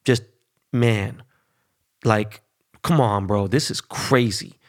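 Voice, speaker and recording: A man's voice: on the low side, slow pace. A man in a casual, heated sports rant, swearing freely and rambling between points.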